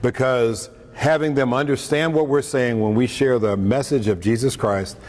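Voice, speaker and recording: A man's voice: mid-range voice, steady tone, normal speed, a little mellow. A man preaching on scripture in a conversational way, with joking asides and acted-out quotes. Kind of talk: lunchtime talk on scripture. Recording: echoey hall, faint room noise, mic at a distance.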